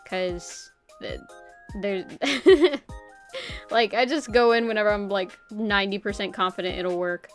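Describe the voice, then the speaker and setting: A woman's voice: medium pitch, measured pace, soft background music. A young woman streamer chatting casually and rambling, with lots of "like" and frequent laughs. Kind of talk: casual live-stream chat.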